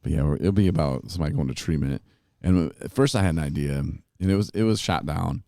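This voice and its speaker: A man with a very low voice hosts a casual podcast chat, telling animated stories and laughing along the way. The sound is dry and close, with no room around him. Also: quick pace, creaky, no echo. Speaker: podcast host. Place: recovery retreat.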